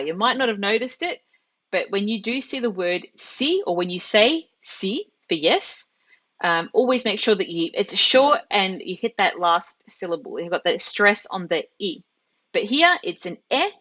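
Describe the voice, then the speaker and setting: A woman's voice: medium pitch, a bit bright, dull audio. A woman teaching an online language class live, patiently explaining step by step with examples. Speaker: Italian teacher.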